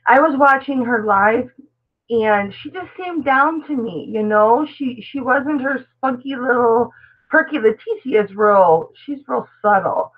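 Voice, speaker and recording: A middle-aged woman talks warmly and at length to her live-stream viewers, calling them baby and answering their comments. Her voice sits a little high. The sound is thin and phone-like. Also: expressive, measured pace. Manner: chatty, affectionate, reads and answers viewer comments aloud. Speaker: live-stream host, reseller. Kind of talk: casual live-stream chat.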